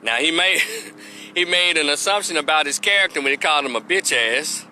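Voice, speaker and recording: A man's voice: fairly high pitch, animated, normal speed, pushed and bright, a little hiss or hum. A man ranting into the camera with his opinions, blunt, profane and mocking. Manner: blunt, profane and mocking, mimics people in exaggerated voices. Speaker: commentary vlogger.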